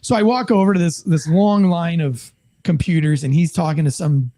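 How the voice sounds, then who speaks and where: An American man and former police officer telling a story in a casual interview, animated and profane, acting out the people in it. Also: on the high side, moderate pace. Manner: animated, profane, acts out quoted voices.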